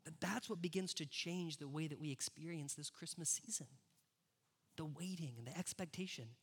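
A pastor preaches in a fairly high, easy voice, talking with his congregation rather than at them. He checks in with quick questions. His tone is casual and direct. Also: breathy edge. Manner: conversational, addresses the congregation directly. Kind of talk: sermon.

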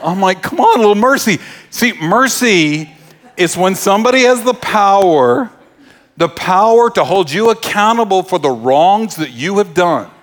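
Brief: male pastor, chatty joking sermon delivery, higher voice. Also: lively intonation, measured pace. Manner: conversational, joking storyteller.

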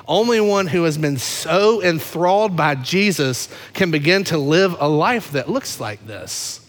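Man, pastor, impassioned sermon, loud-to-hushed swings, high voice, church sanctuary, long hall reverb. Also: animated, a little slow, few pauses.

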